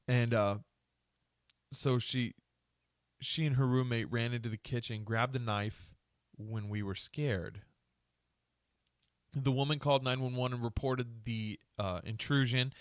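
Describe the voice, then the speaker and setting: With a fairly bright, medium-pitched voice, a man runs a solo podcast in studio quality with no echo. He rants crudely and swears heavily, and his humor is self-mocking, with frequent laughs at himself.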